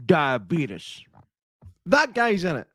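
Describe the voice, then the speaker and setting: A man, co-hosting a podcast in laughing, animated casual chat. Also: a little high, slow, no echo, clean studio sound. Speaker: podcast co-host.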